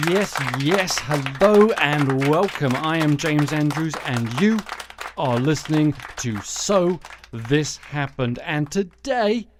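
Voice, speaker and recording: A man's voice: a little high, noisy background. A man hosting a satirical news podcast, commenting with sarcastic, dry asides. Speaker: podcast host.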